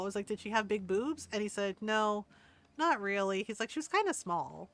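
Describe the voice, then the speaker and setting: A woman's voice: a little high, expressive, fairly quick, a bit bright. A middle-aged woman streaming a game, rambling through a casual story with lots of fillers and laughs. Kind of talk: casual chat while gaming.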